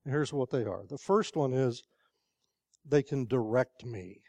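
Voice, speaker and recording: A man's voice: medium pitch, measured pace, a little mellow, dry recording. An older man preaching a sermon in a conversational storytelling way, asking the congregation questions.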